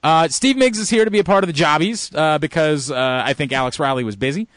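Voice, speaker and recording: A man's voice: on the high side, fast talker, fairly bright tone, dry recording. A man hosting a sports podcast in a radio studio, telling self-mocking stories with a joking tone. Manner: joking, self-mocking storytelling with frequent laughs. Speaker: podcast host. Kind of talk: casual podcast banter.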